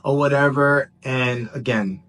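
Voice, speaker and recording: A man telling a personal story in a casual, animated way, jumping between excited bursts and hushed asides. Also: medium pitch, a little slow, a little hiss or hum. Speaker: vlogger.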